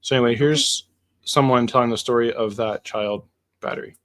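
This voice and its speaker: Man hosting, explaining calmly. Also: mid-range voice, normal speed, slight background noise. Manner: explanatory, summarizing. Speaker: host. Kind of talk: interview commentary.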